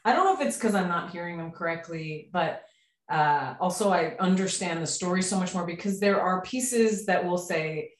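A woman co-hosting a casual chat, talking freely and trailing off into quiet asides. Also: fairly low pitch, animated, moderate pace, distant mic. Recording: roomy echo.

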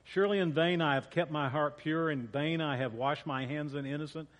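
Pastor reading a psalm in a reverberant hall. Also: male voice, on the high side, a little fast. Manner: conversational, repeats and corrects himself. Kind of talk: sermon with scripture reading. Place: church sanctuary. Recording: long church reverb.

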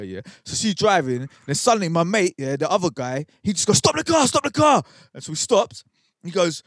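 A man's voice: fairly high pitch, no room sound, clean studio sound. A young man, co-hosting a podcast and telling a rambling, slang-heavy story. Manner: animated, swearing, slangy storytelling. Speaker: podcast co-host. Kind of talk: casual storytelling. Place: podcast studio.

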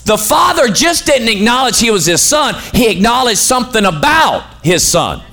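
A man's voice: very high-pitched, sing-song, moderate pace, sharp tone. A man preaching a sermon as pastor, putting questions to his congregation and waiting for them to answer.

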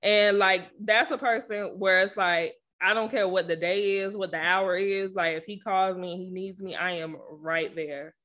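A woman co-hosting a podcast in casual chat, affectionate and warm in her words, calling people honey and baby. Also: medium pitch, steady tone, moderate pace, hardly any pauses. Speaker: podcast co-host.

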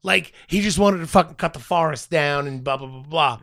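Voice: mid-range voice, brisk, creaky, no room sound. A podcast co-host in casual comedy chat, telling a story with lots of laughing and reading aloud. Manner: animated, laughs often, reads aloud.

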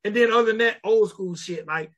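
A man's voice: high voice, fairly quick. A middle-aged man hosting a casual podcast chat, telling stories animatedly and acting out quotes. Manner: animated storyteller, acts out quotes, swears. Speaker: podcast host.

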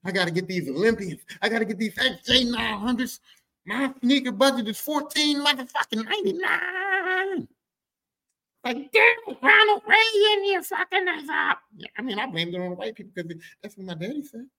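A man hosting a podcast, telling comedic stories about his family in a profane, rambling, animated way. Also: sits high, fast talker. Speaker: podcast host. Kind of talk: comedic personal storytelling.

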